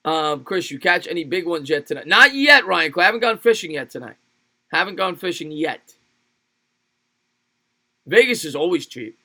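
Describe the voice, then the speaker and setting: An energetic man calls a football game play by play for his livestream audience, stopping to answer viewer comments. His voice is bright and forward and sits a bit high, and he laughs easily between calls. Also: moderate pace, pauses often. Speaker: livestream sports play-by-play host. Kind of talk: play-by-play commentary mixed with live chat replies.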